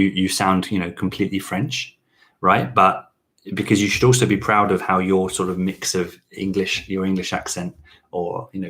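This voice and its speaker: A man hosting a relaxed question-and-answer chat about learning French, rambling with many fillers and restarts. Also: low voice. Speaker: channel host teaching French.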